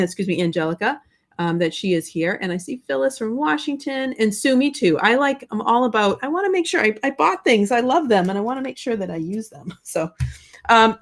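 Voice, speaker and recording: A woman's voice: on the high side, lively intonation, moderate pace. A woman hosting a live crafting demo, gushing and effusive, chatting with viewers from her craft desk. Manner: gushing, effusive, lots of fillers. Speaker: crafting livestream host.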